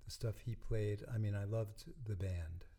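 An older man, a musician and dentist, chatting as an interview guest and telling stories in a relaxed way that often trails off softly. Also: lowish voice, normal speed. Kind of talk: casual interview talk.

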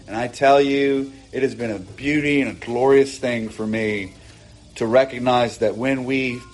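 A man's voice: medium pitch, steady tone, unhurried. Man preaching an earnest sermon. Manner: earnest, emphatic preaching with rising bursts and asides. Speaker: pastor. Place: church, preaching from a pulpit.

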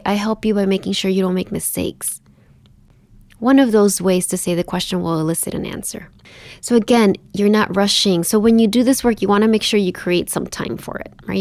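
A woman teaching a calm, gentle lesson, often dropping to a soft whisper as she explains. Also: mid-range voice, vocal fry, dry recording. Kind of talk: instructional talk on inner parts work.

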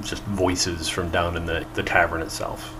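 Low-voiced male game master. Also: moderate pace, a little hiss or hum. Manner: relaxed, hesitant narration with restarts. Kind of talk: narrating a tabletop game.

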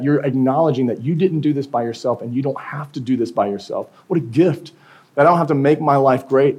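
A young male pastor gives a sermon in a relaxed, chatty way, slipping in jokes and little acted-out quotes. His voice sits in a middle pitch, and he tells stories with lively energy. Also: slightly rough. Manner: casual, conversational preaching with humor and quoted asides.

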